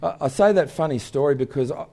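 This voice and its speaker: Older man, mellow voice. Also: fairly high pitch, fast, creaky. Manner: animated storyteller, acts out voices in anecdotes. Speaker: guest speaker. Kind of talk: conversational interview on stage.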